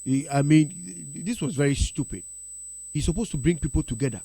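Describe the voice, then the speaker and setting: A man's voice: a little high, normal speed, vocal fry, dark tone, husky, dry recording. A man with a Ghanaian accent giving heated, blunt radio commentary in a studio, mixing English with Twi. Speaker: radio entertainment pundit. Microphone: studio mic.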